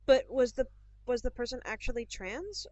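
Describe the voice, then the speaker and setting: A woman's voice: a little high, expressive, normal speed, a little mellow. Chatty woman on a lo-fi podcast. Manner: chatty, rambling, with many fillers. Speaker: podcast co-host. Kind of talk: casual chat. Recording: dull lo-fi podcast recording.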